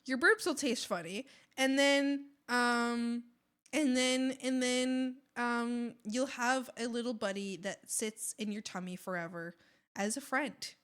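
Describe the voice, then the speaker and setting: Woman streamer: high, bright voice, giggly and playful, rambles through casual chat with restarts. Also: fairly even intonation, slow pace, clean tone. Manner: giggly and playful, laughing often. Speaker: art streamer.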